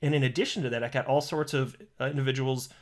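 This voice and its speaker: A man's voice: medium pitch, fast talker. A man doing solo commentary for his channel, reading tweets aloud and ranting sarcastically, sometimes stopping to restart a line. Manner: animated, sarcastic ranting with mocking insults; self-correcting, restarts lines. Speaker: crypto YouTuber.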